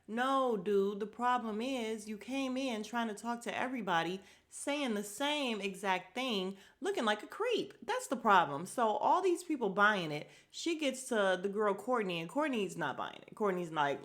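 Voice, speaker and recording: A woman's voice: mid-range voice, animated, normal speed, fairly bright tone. A woman hosting a podcast, chatting casually and gossiping through a reality show recap, talking to her listeners with fillers and asides. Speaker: podcast host.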